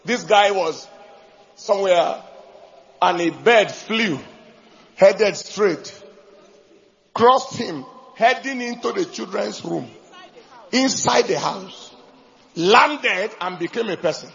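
Animated pastor with gravelly voice. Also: male voice, high-pitched, slow, long pauses, muffled recording. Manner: animated preaching, bursts into shouts and laughter. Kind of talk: sermon.

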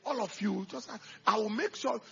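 A male pastor preaching a sermon, swinging from quiet asides to loud emphatic bursts and acting out the people he quotes. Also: sits high, normal speed, creaky, husky, highs cut off, faint music behind.

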